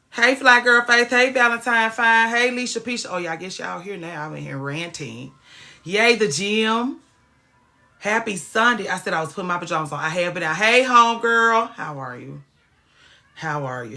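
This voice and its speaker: A woman's voice: mid-range voice, sharp tone. A woman hosting a casual livestream, ranting with plenty of swearing and greeting viewers by name. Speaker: livestream host.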